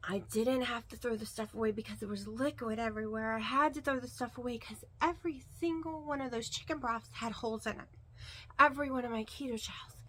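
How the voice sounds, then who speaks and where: A woman's voice: fairly high pitch, steady tone, fast talker, few pauses, slightly rough. A woman vlogger talking casually to the camera, rambling and emphatic, repeating words for stress. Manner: rambling and chatty, with many fillers.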